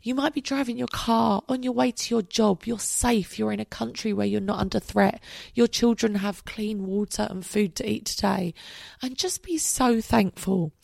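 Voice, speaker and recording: A woman's voice: medium pitch, normal speed, gravelly, a little mellow, no room sound, studio quality. A young woman hosting a solo podcast late at night, chatty and candid, swearing freely, her voice tired and worn out. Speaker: podcast host. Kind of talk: casual solo podcast monologue.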